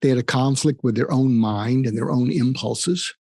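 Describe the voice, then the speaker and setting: In this interview, the guest is an older psychiatrist whose earnest, conversational advice leans on storytelling and phrases repeated for emphasis. His mid-range voice is creaky and mellow at a moderate pace, with clean studio sound and no echo.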